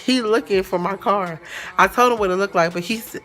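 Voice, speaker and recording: A woman with a bright, forceful voice tells a storytime vlog in a loose, chatty way. She talks with plenty of slang and animation, and soft music sits underneath her voice. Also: medium pitch, fairly quick. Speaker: vlogger.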